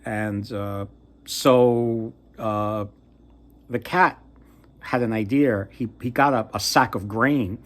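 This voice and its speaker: Halting man retelling a fairy tale. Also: fairly low pitch, fairly even intonation, a bit bright. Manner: halting, trails off and restarts often. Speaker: storyteller.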